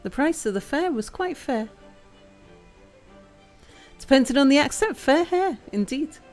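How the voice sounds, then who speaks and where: A woman streams a game live, chatting casually in a high-pitched, expressive voice that moves a little slowly. She reads chat aloud and plays with the sounds of words while faint music runs in the background.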